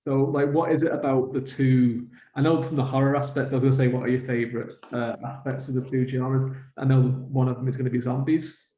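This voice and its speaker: A man's voice: mid-range voice, little pitch movement, brisk, hardly any pauses, dark tone, a little hiss or hum. A man from England, hosting a chatty interview and affirming often. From northern England. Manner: chatty, affirming with frequent yeahs. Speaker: podcast host. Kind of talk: casual interview chat. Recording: roomy, dull-sounding call audio.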